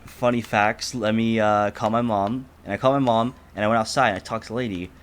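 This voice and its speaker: Low-voiced profane teen storyteller. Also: male voice, fairly quick. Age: teens. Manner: animated, profane, acts out quotes loudly. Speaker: podcast co-host. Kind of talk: casual storytelling chat.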